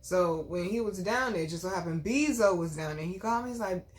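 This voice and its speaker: A woman's voice: fairly low pitch, fairly quick. Chatty woman telling a personal story. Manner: emphatic, chatty, with repeated asides to viewers. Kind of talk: casual storytelling.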